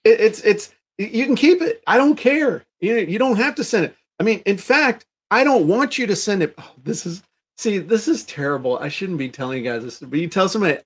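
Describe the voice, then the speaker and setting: A man co-hosting a casual business chat, animated and fond of acting out the people he talks about, often restarting his sentences. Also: high-pitched, brisk, husky. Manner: animated, acts out quoted people; frequent restarts and repeated words. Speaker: podcast co-host.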